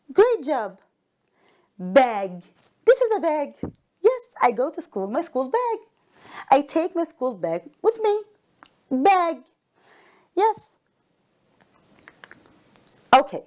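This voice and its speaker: A woman teacher with an Arabic accent, speaking very slowly as she sounds out each letter for young learners. Her voice sits a little high and swings up and down a lot, with warm praise between the words. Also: huge pitch swings. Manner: drawn-out, sounds out letters one by one with frequent praise. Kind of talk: slow phonics lesson for children. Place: recorded for a broadcast school lesson.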